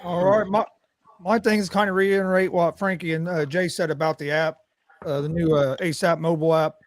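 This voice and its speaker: A man co-hosting a casual sports talk show, easygoing and relaxed. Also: on the high side, brisk.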